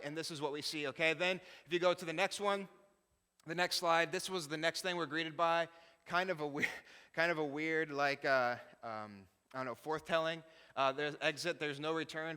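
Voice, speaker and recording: A bright, forceful man's voice with a smooth, resonant tone, sitting slightly high for a man. He is a missionary pastor chatting through a slide show, laughing and poking fun at himself, and his voice rings out with a long reverb that fills a church hall. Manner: chatty, laughing, self-deprecating asides. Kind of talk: casual talk with slides.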